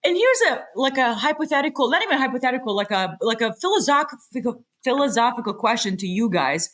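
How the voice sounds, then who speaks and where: A woman's voice: fairly high pitch, lively intonation, fast talker, a bit bright. A woman co-hosting a podcast in casual chat, confidently explaining her theories and swearing casually. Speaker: podcast co-host.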